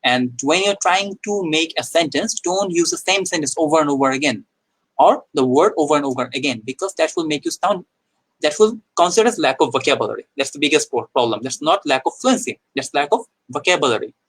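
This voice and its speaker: A man's voice: fairly high pitch, animated, a little fast, fairly bright tone, slightly rough, rough recording. A young man with a Bangladeshi accent, teaching an English speaking lesson in a live stream, explaining with small restarts and frequent okays. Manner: explanatory, repeats himself with small restarts and "okay"s.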